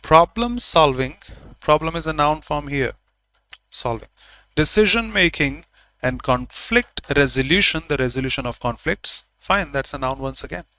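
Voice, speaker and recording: A man's voice: medium pitch, normal speed, bright, forceful tone, no echo, low-quality recording. A man teaching grammar in a live online class, repeating example phrases and answering viewers by name.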